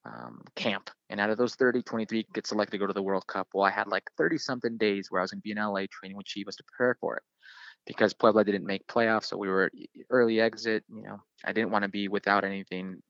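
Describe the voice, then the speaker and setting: A man's voice: fairly low pitch, fast, creaky, a bit bright, dry recording, highs cut off. A man in his thirties, a soccer player, animatedly telling a story in an interview with lots of fillers. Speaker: guest, professional soccer player.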